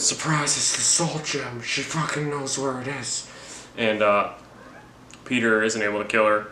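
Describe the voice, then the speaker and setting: A man's voice: medium pitch, moderate pace, pushed and bright, a little hiss or hum. A man giving a rambling, jokey, profane movie recap. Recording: roomy with faint ambience.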